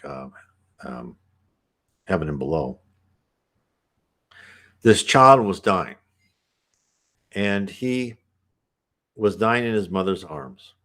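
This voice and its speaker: A man's voice: low voice, a bit bright. A man talking casually and at length, explaining a spiritist book in a loose, conversational way. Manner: rambling and conversational.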